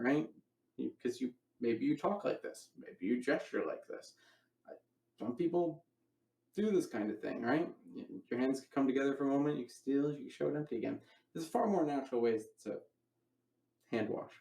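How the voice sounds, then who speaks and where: A man's voice: mid-range voice, creaky, a little mellow, roomy sound, far from the mic. A man giving a casual magic lecture, rambling and correcting himself as he demonstrates moves.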